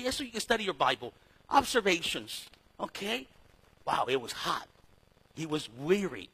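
High, husky-voiced man teaching Bible study. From Spanish-speaking. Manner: lively, conversational, swings between loud and soft, calls listeners "man" and "dude". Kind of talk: sermon.

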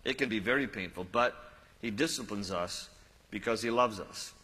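A man preaching a sermon, telling stories with chuckling asides and quick self-corrections. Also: lowish voice, pushed and bright, slightly rough. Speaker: pastor. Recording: long hall reverb.

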